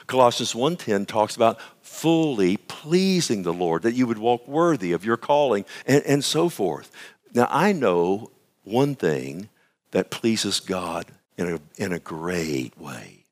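A man's voice: on the low side, sing-song, slow pace. A male pastor giving a radio sermon, fervent and emphatic, often turning to his listeners with "amen?" and "listen".

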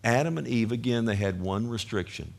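A man with a Texan accent preaching a sermon with passion, moving from loud urging to quiet storytelling. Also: mid-range voice, fairly quick, gravelly. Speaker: pastor.

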